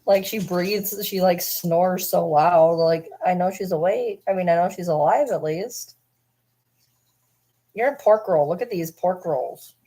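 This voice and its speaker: Low-voiced woman chatting to her dogs. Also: warm tone. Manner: chatty, teasing baby talk to pets. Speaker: vlogger. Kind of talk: casual chat with her dogs.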